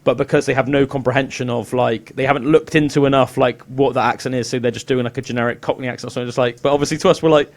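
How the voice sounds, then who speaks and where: A young Englishman co-hosting a podcast in casual, animated chat, often slipping into put-on voices. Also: mid-range voice, fast talker, few pauses. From England. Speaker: podcast co-host.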